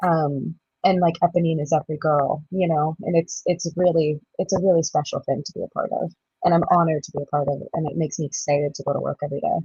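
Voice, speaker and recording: Brief: low, husky-voiced actress in her 30s, bubbly raconteur, dry lo-fi sound. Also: fast talker, no echo. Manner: bubbly, laughs often, lively storytelling. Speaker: touring musical theatre actress, guest. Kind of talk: casual interview chat.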